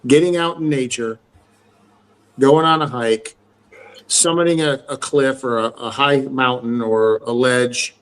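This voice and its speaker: A man's voice: medium pitch, fairly even intonation, unhurried, fairly bright tone, clean tone. Earnest reflective podcast host, man. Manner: reflective, earnest, with fillers and swearing. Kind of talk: casual chat.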